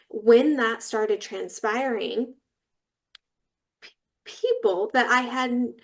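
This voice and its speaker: A woman guest talking earnestly in a podcast interview, telling flowing reflective stories about her work and spirituality. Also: a little high.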